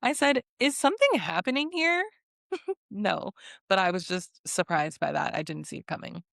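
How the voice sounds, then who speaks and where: A woman's voice: lowish voice, sing-song, normal speed, gravelly, fairly bright tone, no echo, clean studio sound. Sassy woman recapping reality TV. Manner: sassy, laughing asides, blunt opinions. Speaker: recap vlogger. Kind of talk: casual reality-show recap.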